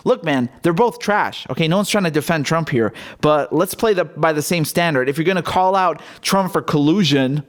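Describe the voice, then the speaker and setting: A man's voice: fairly high pitch, animated, moderate pace. A man hosting his own political commentary show, ranting in a blunt, sarcastic and heated way, sometimes swearing.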